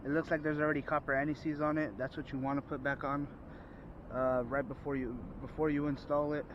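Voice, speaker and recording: A man's voice: fairly high pitch, flat delivery, a little fast, lo-fi sound, noisy background. Rambling man fixing his car. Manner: rambling, informal, with frequent fillers and restarts. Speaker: DIY car repair vlogger. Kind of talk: casual how-to narration. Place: outdoors working under a car at night.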